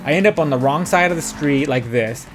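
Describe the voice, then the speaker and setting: A man's voice: a little high, animated, a little fast, soft background music. A young man telling a story in a casual, rambling way while he streams a driving game, full of fillers and quoted dialogue. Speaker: gaming streamer.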